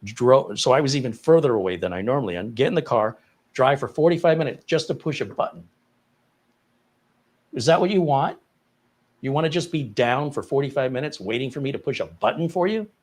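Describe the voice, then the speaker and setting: A man at a mid pitch tells a story on a live tech stream. His voice climbs high when he acts out disbelief, and he laughs as he talks. The tone is casual and animated. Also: a little fast. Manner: animated, incredulous retelling with laughs. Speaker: tech support co-host.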